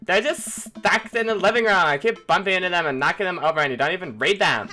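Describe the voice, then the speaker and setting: A man's voice: high-pitched, fast, pushed and bright, soft background music, pitched above the performer's own voice. A man voicing an exasperated, bossy teenage daughter in a dating game, in a raised, insistent voice.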